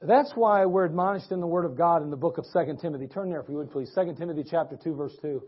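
Male pastor, husky higher voice, folksy rambling sermon, dull lo-fi church recording. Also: fast. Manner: folksy storytelling with many restarts. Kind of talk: sermon with personal story. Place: church sanctuary.

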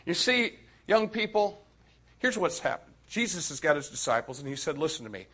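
A man preaching a sermon to young people, animated and addressing them directly. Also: high-pitched, moderate pace, slightly rough.

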